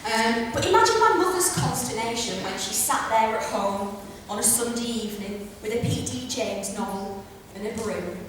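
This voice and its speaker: A woman's voice: a little high, lively intonation, far from the mic, slight background noise. Chatty woman in an echoey hall. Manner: chatty, brash, quick asides. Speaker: stand-up science comedian. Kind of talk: stand-up comedy lecture. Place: theatre stage before a live audience. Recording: echoey hall recorded from afar.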